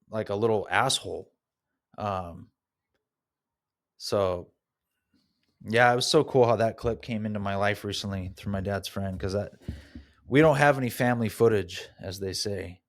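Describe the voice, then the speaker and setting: Low-pitched male podcast host, candid and reflective, unscripted solo monologue. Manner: candid and soul-searching, with occasional laughs.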